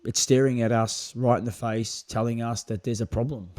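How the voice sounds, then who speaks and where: A man's voice: medium pitch, steady tone, normal speed, darkish tone, no echo, studio quality. A man, a podcast guest chatting in an upbeat, friendly way. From Australia. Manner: upbeat and friendly, calls people mate. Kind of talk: casual podcast chat.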